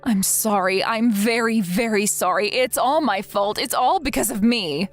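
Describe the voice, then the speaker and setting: A woman's voice: medium pitch, unhurried, lightly acted. A woman reading the lines of an overworked young wife and mother who apologizes and pleads for help, in a scripted text-message story. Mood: apologetic. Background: faint background music.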